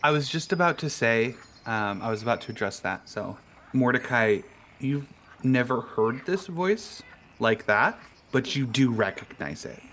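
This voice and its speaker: A man narrating a tabletop game as game master in a slow, descriptive manner. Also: mid-range voice, lively intonation, fairly bright tone, a little hiss or hum.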